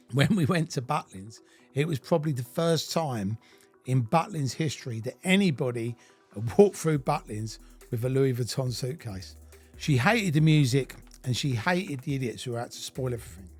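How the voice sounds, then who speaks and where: A man's voice: mid-range voice, lively intonation, moderate pace, a little mellow, breathy edge, faint music behind. A middle-aged British man reading his own memoir aloud, blunt and full of swearing. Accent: British English. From United Kingdom. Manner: blunt, heavily profane storytelling. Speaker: narrator of his own life story.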